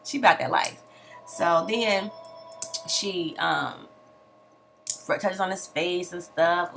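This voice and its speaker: A young woman recapping a reality TV episode in a sassy, animated way, full of slangy asides and mock outrage. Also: fairly low pitch, slow pace, gravelly, pauses often, soft background music. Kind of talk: casual recap commentary.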